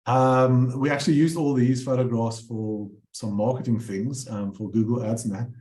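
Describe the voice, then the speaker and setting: A man's voice: medium pitch, fairly even intonation, moderate pace, mellow, reverberant. A man presenting his bird paintings, telling rambling anecdotes with many fillers and restarts. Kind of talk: casual storytelling talk.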